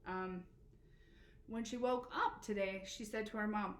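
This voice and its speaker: A woman teacher giving a spelling lesson to children, patient and encouraging, slowly spelling letters out. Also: medium pitch, steady tone. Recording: echoey room with faint background noise.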